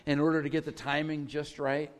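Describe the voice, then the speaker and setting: A man's voice: a little high, little pitch movement, a little fast. A middle-aged man preaching a sermon as a pastor, with a conversational, folksy storytelling manner and touches of humor. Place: church sanctuary. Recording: long church reverb.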